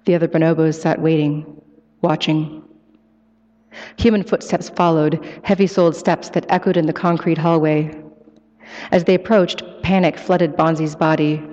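A woman author giving a live, expressive book reading and taking questions in an event hall. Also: sits low, moderate pace. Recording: echoey hall, muffled live sound.

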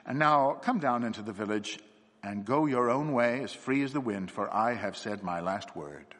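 Man reading as a perceptive little priest, calm, grave, quiet, long reverb. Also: lowish voice, normal speed.

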